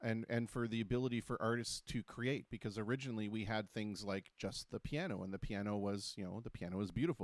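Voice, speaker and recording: A man with a lowish voice hosts a casual talk show, telling stories in a quick, chatty, joking way with plenty of restarts. The recording is dry, with soft music in the background.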